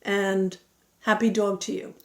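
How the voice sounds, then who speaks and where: A woman's voice: medium pitch, little pitch movement, unhurried, echoey room. A woman giving earnest, encouraging advice about bonding with dogs. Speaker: dog training speaker. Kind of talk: instructional talk.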